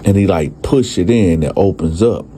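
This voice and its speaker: A man's voice: sits low, moderate pace, dark tone, a little hiss or hum. A man telling a true crime story from his own life in a casual, profane style, talking to his listeners as y'all. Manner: profane street slang, addresses listeners as y'all. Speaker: storyteller and channel host.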